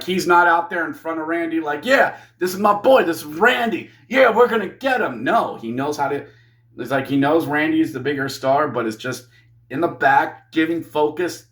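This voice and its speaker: Excitable high-voiced man reviewing wrestling. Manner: excitable, jokey, acts out wrestlers' lines. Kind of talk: casual review monologue.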